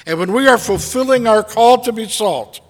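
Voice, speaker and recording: A man preaching a sermon as a pastor, slow and deliberate with dramatic pauses. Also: sits high, animated, long reverb tail.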